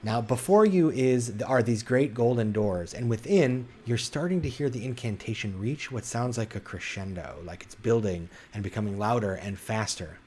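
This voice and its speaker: A man's voice: lowish voice, animated, normal speed, hardly any pauses, a little mellow, a little hiss or hum. A man narrating a tabletop role-playing game as game master, describing scenes with frequent fillers and restarts.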